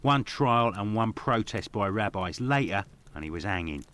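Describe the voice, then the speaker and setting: A deep-voiced barman. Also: lively intonation, moderate pace, fairly bright tone. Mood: gossipy. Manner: blunt, gossipy, rough-spoken. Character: gossipy working-class male London barman. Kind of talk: video game voice acting.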